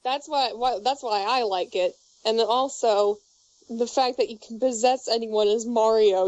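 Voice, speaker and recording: A woman's voice: high voice, normal speed, darkish tone, dry recording. A woman in her twenties chatting casually, rambling with restarts and swearing. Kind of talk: casual chat. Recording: muffled dry recording.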